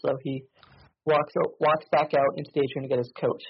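Husky-voiced man narrating a tabletop game. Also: medium pitch, level tone, a little fast, pauses often, no echo, muffled recording. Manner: rambling, many ums and uhs. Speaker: game master.

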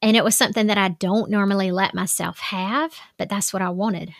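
A woman's voice: mid-range voice, fairly even intonation, a little fast, vocal fry, dry recording, clean studio sound. A woman life coach giving casual self-help advice, chatty and full of "like" fillers.

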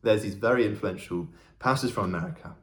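A young man giving a relaxed devotional Bible talk, chatty and self-deprecating, often laughing as he tells a story. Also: lowish voice, fast talker. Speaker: church worker training as vicar.

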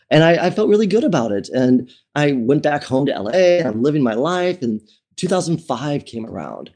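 In a conversational interview, a man with a mid-range, slightly mellow voice tells a personal story fairly quickly and with lively intonation. He is chatty and candid, restarting and filling pauses, and laughs a lot along the way.

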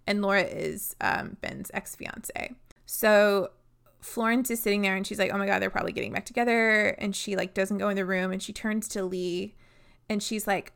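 A woman's voice: mid-range voice, steady tone, moderate pace, creaky, a bit bright. A woman co-hosting a book podcast, retelling the plot with blunt sarcasm and casual swearing. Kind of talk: casual book recap chat.

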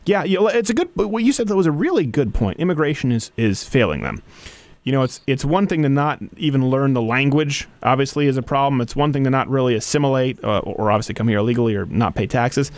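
A man hosting a casual talk show, speaking in an animated, sarcastic way. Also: medium pitch, fast talker, dry recording. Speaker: podcast host.

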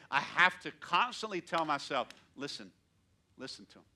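A male pastor preaching in a church, his voice bright and fairly high for a man. He is animated, pushing hard on key lines and then dropping to soft asides. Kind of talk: sermon.

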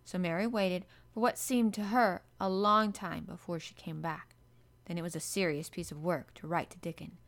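A woman reading a classic children's novel aloud in calm, even narration. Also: fairly low pitch, moderate pace, creaky. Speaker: audiobook narrator. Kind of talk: scripted storybook narration.

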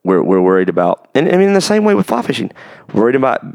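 A man's voice: medium pitch, sing-song, racing, vocal fry, darkish tone, no room sound, clean studio sound. A man hosting a podcast about fatherhood, talking earnestly in a rambling, casual way and often asking if it makes sense. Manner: earnest, rambling, asks for agreement. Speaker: podcast host.

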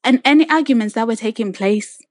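A woman's voice: on the high side, fairly quick, a little mellow, no room sound. A woman on a podcast telling a personal story in casual conversation, earnest and reflective, acting out what others said. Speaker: podcast co-host sharing her story.

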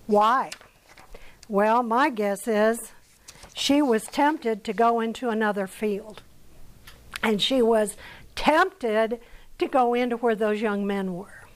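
High-voiced, unhurried American woman teaching the Bible. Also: poor audio. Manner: conversational, asks the audience questions. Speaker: women's Bible study teacher. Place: church.

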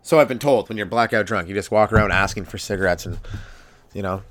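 Rambling comedian telling stories. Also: male voice, on the low side, quick pace, fairly bright tone. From Canada. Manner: rambling, profane storytelling. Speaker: comedian, podcast host. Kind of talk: casual stand-up monologue.

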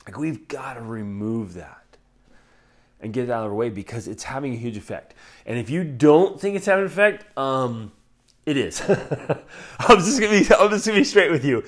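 A man hosting a motivational podcast, talking earnestly and with animated swings between loud emphasis and quiet intensity, with a slight cough from a chest cold. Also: on the high side, moderate pace. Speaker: podcast host. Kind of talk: motivational talk.

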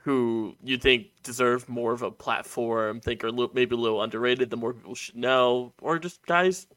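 A man co-hosting a podcast, chiming in with quick retellings and questions. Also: mid-range voice, a bit bright, dry recording. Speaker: podcast co-host. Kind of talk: casual chat.

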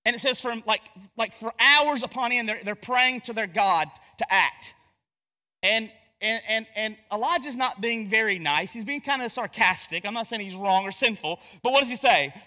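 A man's voice: high voice, normal speed, sharp tone, big-room sound. A pastor from North Carolina with a Southern accent, preaching a sermon in a conversational, joking way, often restarting his sentences. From Gastonia, North Carolina. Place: church sanctuary.

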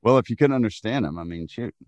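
An American man, a voice actor, talking as a guest in a casual interview, measured and a little hesitant. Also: lowish voice, expressive, a little mellow, dry recording, muffled recording. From United States.

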